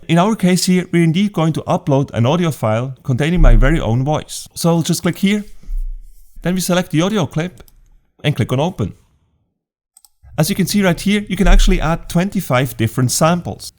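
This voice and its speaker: A man with a German accent, narrating a step-by-step software tutorial in clear, methodical instructions with a touch of humor. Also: a little high.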